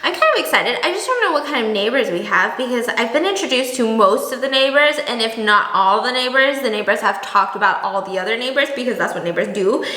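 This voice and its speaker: Chatty high-voiced young woman vlogging. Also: fast, few pauses, reverberant, low-quality recording. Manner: chatty, animated, laughs while telling stories. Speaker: beauty vlogger. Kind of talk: casual storytelling vlog.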